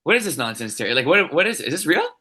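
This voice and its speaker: A man co-hosting a casual recreational football league show, excitable and often ending remarks with "eh". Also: fairly high pitch, very fast, husky. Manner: excitable, tags sentences with "eh". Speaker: co-host. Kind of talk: casual sports league chat.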